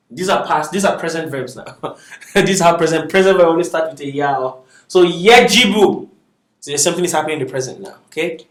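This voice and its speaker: A man teaching an Arabic class, reading word lists aloud slowly with frequent laughs and chatty asides. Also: on the high side. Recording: echoey classroom from far off.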